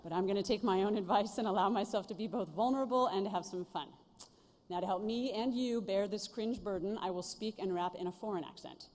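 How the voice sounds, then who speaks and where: A woman's voice: mid-range voice, brisk, a little mellow. A middle-aged woman giving a commencement speech from a stage, earnest and self-deprecating, speaking at a podium microphone. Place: large ceremony venue stage. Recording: reverberant hall sound.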